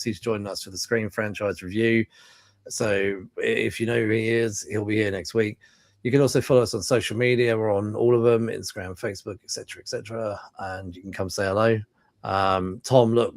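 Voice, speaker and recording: A man with a London accent hosting a casual film podcast, chatty and quick to laugh, with plenty of fillers and restarts. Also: lowish voice, no echo. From England. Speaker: podcast host.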